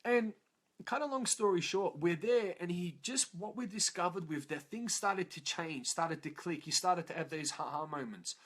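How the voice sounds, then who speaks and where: A man's voice: sits high, moderate pace, fairly bright tone. A man, a motivational speaker, telling a blunt and profane personal story to an audience.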